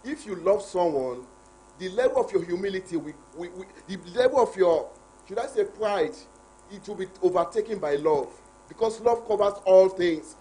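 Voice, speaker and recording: A man's voice: high-pitched, expressive, normal speed, dark tone, slight background noise. A man speaking as a guest on a live ministry program, sharing a story earnestly in plain conversational teaching.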